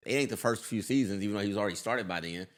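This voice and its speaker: A man's voice: fairly low pitch, rapid-fire. A man in casual podcast chat, telling stories and acting out the voices of people he quotes. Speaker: co-host.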